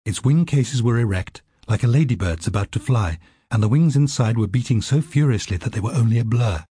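A man narrating an audiobook in a steady, vivid storytelling manner. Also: medium pitch, fairly quick, husky, no echo, studio quality.

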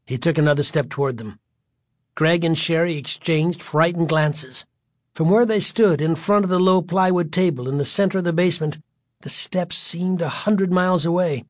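An audiobook narrator reading a spooky story with suspense and vivid pacing. The voice sits at a middle pitch, and the recording is close and dry, with no room sound. The reader keeps the tension up from line to line. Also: normal speed, no echo.

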